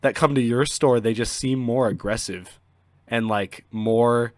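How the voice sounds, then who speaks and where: A man hosting a podcast in casual chat, halting and trailing off softly as he thinks. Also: mid-range voice, no room sound. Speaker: podcast host.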